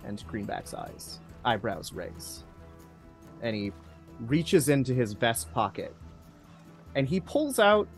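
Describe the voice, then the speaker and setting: A man narrating a tabletop game as game master in a hushed, suspenseful way. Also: mid-range voice.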